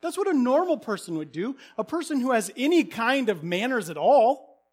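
Man, thirties, lively pastor, high voice, acts out stories in a sermon. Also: normal speed, husky. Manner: animated storytelling, acting out characters, bursts of loud calls.

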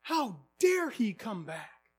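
A man's voice: sits high, sing-song, slow, slightly rough, pitched above the performer's own voice, exaggerated voice. A man voicing a resentful young middle brother who rants in a bitter, indignant way. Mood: livid.

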